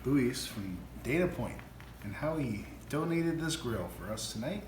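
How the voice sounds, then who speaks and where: A man's voice: mid-range voice, animated, a little slow. A man co-hosting a casual cooking show, agreeable and upbeat, in an echoey room with faint background noise. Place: workshop.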